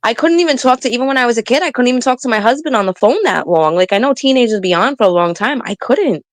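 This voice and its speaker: A woman's voice: a little high, animated, no room sound, poor audio. A middle-aged woman chatting casually as a podcast co-host, telling stories and drawing out words for emphasis. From New England. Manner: chatty storyteller, drawn-out emphasis. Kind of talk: casual chat.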